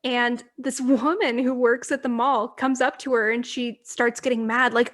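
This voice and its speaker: A woman's voice: a little high, steady tone, moderate pace, few pauses, a bit bright. A young woman co-hosting a book podcast, chatting casually and gushing as she retells scenes with frequent laughs. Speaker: podcast co-host. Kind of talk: casual book-club chat.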